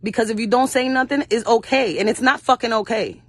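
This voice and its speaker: Speaking fairly quickly in a voice on the high side, with no room sound, a young actress shares personal stories as an interview guest. She is blunt and fiery, curses a lot, and performs the voices of her mother and other people she quotes.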